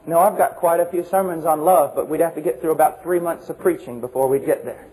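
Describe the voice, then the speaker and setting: A man preaching a sermon with passion, using rhetorical questions and repetition, and swinging from shouts to hushed low tones. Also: steady tone, fast, few pauses, low-quality recording.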